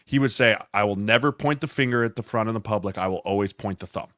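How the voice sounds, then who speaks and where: A man's voice: lowish voice, quick pace, a bit bright, no room sound, studio quality. A man co-hosting a podcast in casual chat, explaining his view earnestly with quoted examples, with an American accent. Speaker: podcast co-host, former NFL offensive lineman.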